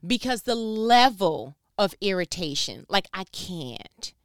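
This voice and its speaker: An older woman talking at home in a casual faith-based monologue, animated and full of vivid analogies. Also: medium pitch, slow, no room sound, studio quality. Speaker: vlogger.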